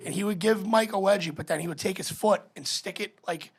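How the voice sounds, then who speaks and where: A man's voice: high-pitched, brisk, breathy edge. A man chatting casually and enthusiastically on a podcast, with some swearing. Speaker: podcast co-host. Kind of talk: casual chat.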